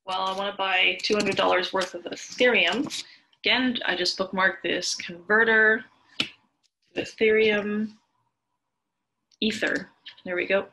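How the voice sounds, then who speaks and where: Woman walking you through an app tutorial, bright voice with some gravel in it, chatty, goes step by step. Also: mid-range voice, steady tone, measured pace, long pauses, a little hiss or hum, low-quality recording. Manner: chatty, explains step by step with examples. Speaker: tutorial host. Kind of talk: screen-share tutorial.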